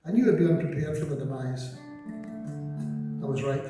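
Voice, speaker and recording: A man's voice: mid-range voice, moderate pace, loud music behind the voice. A man in his seventies from Scotland, telling wry, self-mocking stories onstage between songs. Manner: dry, self-mocking humor. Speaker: singer-songwriter on stage. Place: large concert hall. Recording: echoey concert hall from a distant mic.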